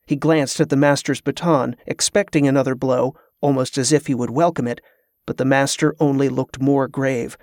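A man's voice: mid-range voice, no room sound, studio quality. Man narrating a fantasy audiobook. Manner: steady, measured storytelling.

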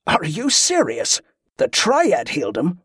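A man's voice: on the high side, wildly swooping pitch, slow, a bit bright, husky, no room sound, studio quality, full character voice. Irritable, swearing captain read by a male narrator, brusque and slightly raised.

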